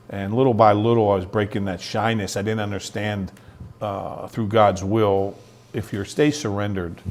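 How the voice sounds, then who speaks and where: This is a man who is a middle-aged interview guest telling his own story with plain sincerity. His voice sits somewhat low, and he acts out the lines of the people he quotes. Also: darkish tone, a little hiss or hum. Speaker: guest, youth ministry founder. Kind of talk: personal testimony in an interview.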